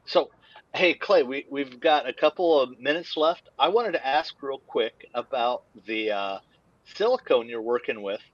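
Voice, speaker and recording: Brief: a peppy host reading sponsor ads in a dry close sound with a muffled edge. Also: male voice, mid-range voice, unhurried, dry recording. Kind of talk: sponsor plug and interview questions.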